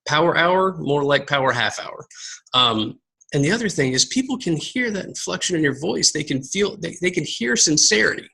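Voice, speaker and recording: A man from Southern Texas giving a casual motivational talk to his team, energetic and rambling, repeating words and calling his viewers guys. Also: a little high, moderate pace, gravelly, slightly rough, poor audio. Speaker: team coach giving a live video talk.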